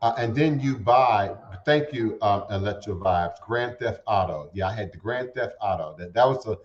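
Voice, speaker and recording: A man hosting a spiritual internet radio show, talking in a rambling, halting way with many repeated words. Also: on the low side, lively intonation. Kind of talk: casual spiritual talk show monologue. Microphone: home setup streamed to internet radio. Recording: roomy, dull lo-fi internet radio audio.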